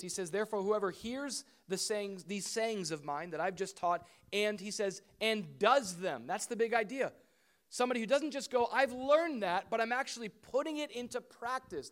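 A middle-aged pastor with a high voice preaches animatedly, putting questions and asides to the congregation.

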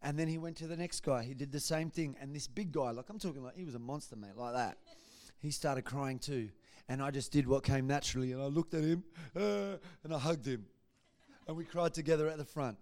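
A man giving a church testimony, telling his story in a lively way and acting out what people said. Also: a little high, a little fast. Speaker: guest speaker giving testimony.

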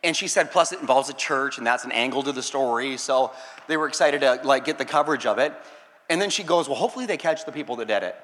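A man preaching a sermon as pastor, animated, rising to shouts and breaking into laughing asides. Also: medium pitch, fast, long reverb tail.

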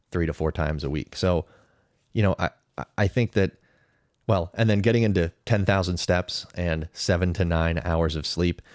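This man in his thirties has a low, slightly mellow voice, recorded with studio quality and no room sound. In a podcast studio he offers casual, opinionated commentary, weighing pros and cons conversationally.

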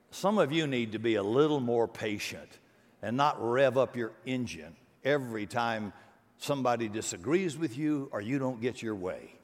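A man preaching a sermon, animated and conversational, acting out voices and joking with the congregation. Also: medium pitch, big-room sound. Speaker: pastor.

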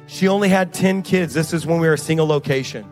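High-voiced pastor, lively storyteller. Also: male voice, fast, faint music behind. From Indiana. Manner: animated storytelling, acting out the voices in his stories. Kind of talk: sermon.

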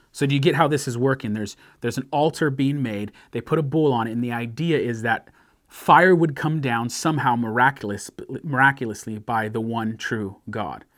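A man's voice: mid-range voice, no echo, studio quality. A male pastor preaching a sermon. He reads scripture with rising emphasis and explains it in a conversational way. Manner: acts out sarcastic and pleading voices in quotes.

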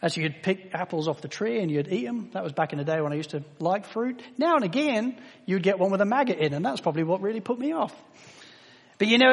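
An English man preaching a sermon to a congregation, emphatic, slowing down to stress words and rising in volume at key points. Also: sits high, breathy edge. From England. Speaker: pastor. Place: church hall with long reverb. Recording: reverberant church hall.

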